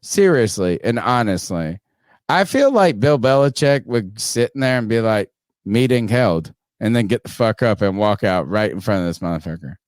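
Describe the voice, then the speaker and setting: Lively low-voiced man hosting a podcast. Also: moderate pace, dry recording, studio quality. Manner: animated, profane, joking. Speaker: podcast host. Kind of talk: casual sports chat.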